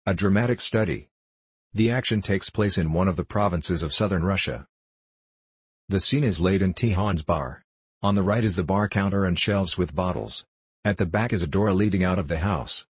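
A man reading a play aloud, delivering stage directions in a measured, even way. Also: sits low, slightly rough, no echo. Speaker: narrator.

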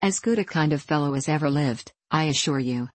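A bluff middle-aged country squire, as a woman narrator reads him, hearty and blunt. His voice sits low. The sound is dry and close. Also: brisk, darkish tone, dry recording. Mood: jovial.

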